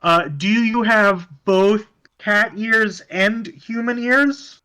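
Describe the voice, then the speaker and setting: A man's voice: high voice, slow, pushed and bright, smooth. A man playing a tabletop game, rambling with hesitant restarts and many fillers. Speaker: player.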